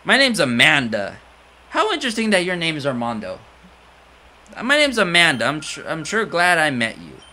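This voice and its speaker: A man reading the lines of a grateful young woman from a video game, speaking in a friendly, helpful way. His own bright voice is only slightly raised, and the pitch moves lively. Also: moderate pace, exaggerated voice. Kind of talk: reading game dialogue aloud.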